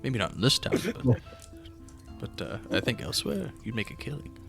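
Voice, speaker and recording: Gravelly male player, music behind. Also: mid-range voice, sing-song, normal speed. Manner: soft-spoken, chuckling. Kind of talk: tabletop game play.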